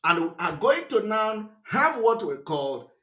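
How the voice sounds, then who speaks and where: A man's voice: high voice, sing-song, a little slow, a bit bright. A middle-aged man with a Nigerian English accent giving a live broadcast address, emphatic and repetitive, firing rhetorical questions at his listeners. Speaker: political broadcaster.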